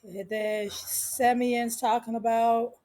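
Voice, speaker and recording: Sassy, slow-talking woman vlogger. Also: fairly high pitch, little pitch movement, mellow. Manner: sassy, gossipy, blunt. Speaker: vlogger recapping a show episode. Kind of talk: casual chatty recap.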